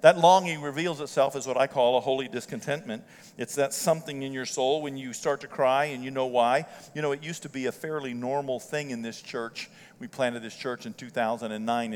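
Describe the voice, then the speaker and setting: An older man preaching a sermon as pastor, telling folksy stories with strong emotion that swells loud and high. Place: church sanctuary. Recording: church hall reverb.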